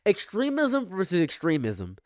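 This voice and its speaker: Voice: mid-range voice, huge pitch swings, normal speed, no echo, clean studio sound. A livestream commentator reacting live, ranting emphatically and repeating phrases for effect.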